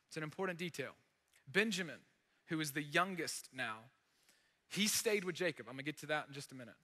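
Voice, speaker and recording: Animated high-voiced bright preacher man. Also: brisk, big-room sound. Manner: animated, conversational storytelling with dramatic emphasis. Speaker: pastor. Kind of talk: sermon.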